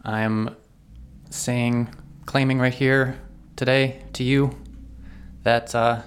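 A man co-hosting a podcast in casual chat, speaking in a low-key, matter-of-fact way. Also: little pitch movement, extremely slow, clear, resonant tone. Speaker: podcast co-host.

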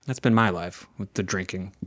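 A man's voice: deep voice, normal speed, a bit bright, dry recording. A young man co-hosting a podcast, chatty and joking, laughing often. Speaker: podcast co-host. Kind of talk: casual chat.

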